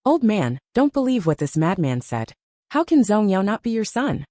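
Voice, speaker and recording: A woman's voice: mid-range voice, sing-song, normal speed, warm tone, no room sound, clean studio sound, natural voice. A woman voicing a guilty, frantic old woman who pleads and rants, in a storybook reading. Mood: tearful pleading.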